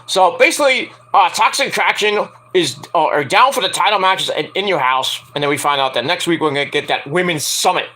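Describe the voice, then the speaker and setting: A young man casually reviewing a wrestling show, rambling and swearing, acting out quotes in high voices. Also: a little fast, few pauses, pushed and bright. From Antiguan and Jamaican family. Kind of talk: casual solo review chat.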